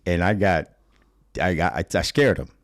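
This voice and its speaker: A middle-aged man from Chicago, a comedian, tells a story casually on a podcast. He has a very deep, low voice. He swears freely and acts out the people in his story, recorded close and dry with no room sound. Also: moderate pace, dry recording. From Chicago, USA. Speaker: stand-up comedian guest.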